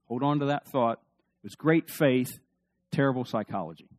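A man's voice: mid-range voice, moderate pace. A man preaching a sermon as pastor, emphatic, asking the listeners questions.

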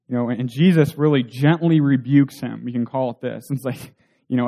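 Man, sermon, earnest, rhetorical questions, warm mellow tone, mid pitch. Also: moderate pace. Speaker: preacher.

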